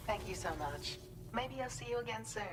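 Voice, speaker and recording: A woman's voice: fairly high pitch, animated, fairly quick. A woman voicing a polite, formal game character who greets a porter, her voice slightly robotic like a transmission, with music under it. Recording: game audio with clear music.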